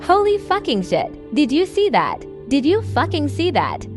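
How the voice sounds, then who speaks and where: A woman's voice: sits high, wildly swooping pitch, a little slow, music in the background, heavily acted. Woman reading as a panicking young soldier. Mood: shocked. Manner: shocked, swearing.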